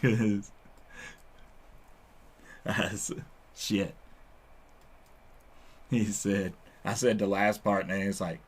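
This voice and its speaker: A man's voice: on the low side, steady tone, extremely slow, long pauses, slightly rough. A man hosting his own channel, chatting casually and rambling at home with frequent laughs. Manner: laid-back, rambling, laughs a lot. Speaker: channel host. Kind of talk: casual stoner chat to camera. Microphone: headphones and desk mic.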